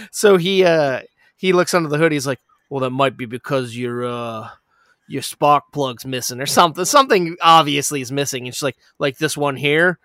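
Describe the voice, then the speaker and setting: A man's voice: fairly high pitch, normal speed, no echo, clean studio sound. Rambling, profane man recapping a movie. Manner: rambling, profane, animated retelling with many fillers.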